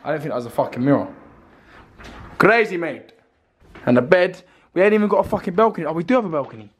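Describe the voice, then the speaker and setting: A man's voice: a little high, lively intonation, fast talker, long pauses, background noise. A young man, chatting casually and animatedly to a handheld camera, full of slang and swearing. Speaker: vlogger. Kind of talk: casual vlog chat.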